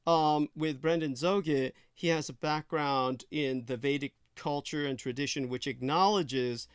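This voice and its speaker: Host guy w a smooth clear fairly high voice, chatty, dry sound. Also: fairly even intonation, a little slow, no room sound. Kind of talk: talk show chat.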